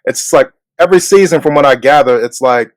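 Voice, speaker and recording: A man's voice: fairly high pitch, a little fast, no room sound. A man co-hosting a casual talk show, chatting in a laid-back way and laughing easily. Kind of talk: casual chat.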